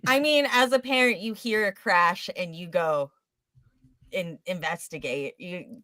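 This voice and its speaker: A woman co-hosting a casual podcast chat, teasing the others with quick banter. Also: on the low side, fairly bright tone, dry recording. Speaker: podcast co-host.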